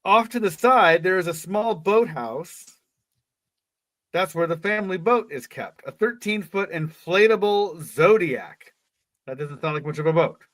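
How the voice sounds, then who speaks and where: A man's voice: high-pitched, lively intonation, unhurried, a bit bright, no echo. A man co-hosting a podcast, reading a story aloud and breaking off for jokes and laughs. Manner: joking, laughs between lines. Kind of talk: casual reading with jokey asides.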